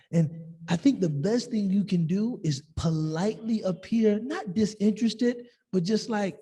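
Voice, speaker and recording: A high, gravelly man leads a class with plenty of swing in his voice. His tone is mellow and a little husky, and he jokes and acts out the people he quotes. Long reverb trails behind him in the room. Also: moderate pace. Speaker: teacher. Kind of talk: discussion-based class talk.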